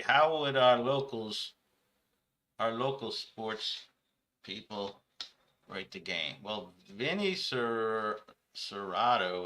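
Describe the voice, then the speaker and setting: A man's voice: on the low side, sharp tone. A man hosting a comedic sports talk show, rambling through his points with self-corrections. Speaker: show host.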